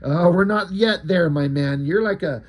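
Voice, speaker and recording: A man's voice: high-pitched, moderate pace. A man doing a jumpy, brash robot soldier. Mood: startled. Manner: excitable, swearing.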